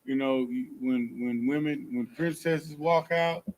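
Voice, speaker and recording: A man's voice: medium pitch, a little slow, darkish tone, poor audio. Man chiming in with short affirmations.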